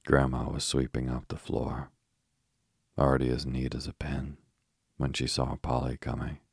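A man narrating a bedtime story in a calm, even way. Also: rumbling low, normal speed, vocal fry, slightly rough, no echo, clean studio sound.

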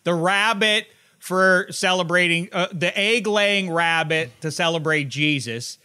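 Bright-voiced bemused man. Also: high-pitched, measured pace, clean tone. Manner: bemused, joking complaints. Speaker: podcast co-host. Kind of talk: casual chat.

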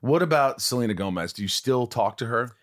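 A man's voice: mid-range voice, animated, a little fast. A man with an American accent, a podcast host asking playful, teasing questions. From United States. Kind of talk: casual interview chat.

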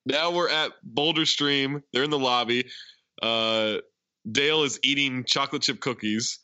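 A man casually recapping a comedy film with a co-host, retelling scenes with lots of fillers and quick impressions. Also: medium pitch, dry recording, muffled recording. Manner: animated retelling, frequent laughs and filler words. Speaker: podcast co-host. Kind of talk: casual movie recap chat.

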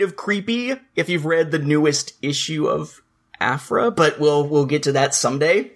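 Man, relaxed talk, comic discussion, light character reading. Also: on the high side, moderate pace. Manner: reads comic dialogue aloud with light acting. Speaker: podcast co-host. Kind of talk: casual comic book discussion.

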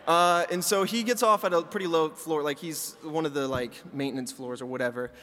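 Higher-pitched male co-host, storytelling, reverberant room. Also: brisk. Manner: animated anecdote teller who mimics people. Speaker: podcast co-host. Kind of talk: casual chat, storytelling.

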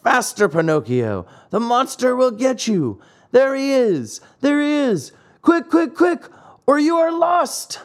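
A man voicing a helpful female goat in a storybook reading, shouting urgent shrill warnings. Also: big pitch swings, slow pace, exaggerated voice. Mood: frantic.

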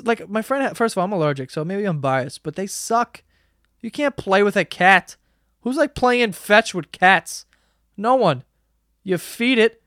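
High-voiced young man ranting, dry sound. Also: no echo. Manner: profane, excitable ranting with sudden loud outbursts. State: sore throat from yelling. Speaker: podcast host. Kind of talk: solo comedic rant.

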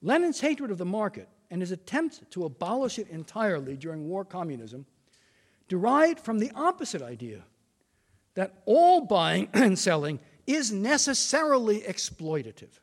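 A man's voice: high-pitched, big pitch swings. Older man lecturing in a reverberant hall. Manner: measured, reads quotations with emphasis. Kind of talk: formal prepared lecture.

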